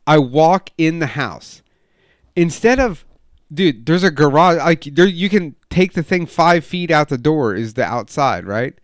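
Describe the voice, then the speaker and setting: A young man on a casual podcast, telling a heated story full of swearing and acting out quoted lines loudly. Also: a little slow, no echo, studio quality. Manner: profane, animated storytelling, acts out quotes with loud raised pitch. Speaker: podcast co-host.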